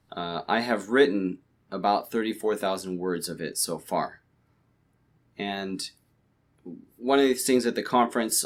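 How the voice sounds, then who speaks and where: A man with a fairly low voice talks through his plans in a relaxed podcast chat at home late at night. He rambles and restarts sentences often, with plenty of fillers. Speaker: podcast co-host. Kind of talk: casual chat.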